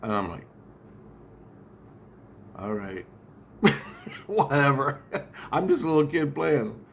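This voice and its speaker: A man's voice: on the high side, sing-song, unhurried, creaky, a little hiss or hum. A man telling a long account of a dream in a rambling, profane way, with many restarts and asides. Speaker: vlogger.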